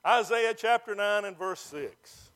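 A man's voice: high voice, a little slow, fairly bright tone. A man preaching a sermon as pastor, building to emphatic calls and stretching out key phrases.

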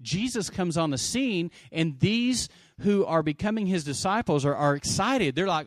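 Energetic preacher, loud then hushed. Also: male voice, high-pitched, normal speed, hardly any pauses, no room sound, studio quality. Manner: animated preaching, swinging from loud exclamations to quiet asides; calls for audience response. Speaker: pastor. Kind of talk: sermon.

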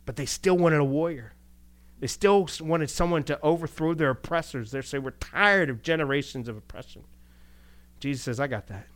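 Male pastor, casual preaching voice, lively delivery with rhetorical questions and quick laughs. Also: fairly high pitch. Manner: animated, rhetorical questions, chuckles. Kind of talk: conversational sermon.

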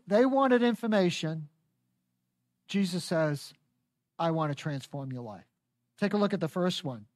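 A woman's voice: on the low side, dry recording, clean studio sound. A woman preaching a sermon in a folksy, teasing and emphatic manner.

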